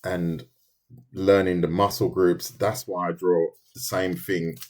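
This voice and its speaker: A deep-voiced London man with a London accent chats casually while sketching on a live stream, thinking his process through out loud. His tone stays level and slow as he reads viewer comments and reacts to them in loose sentences he keeps restarting.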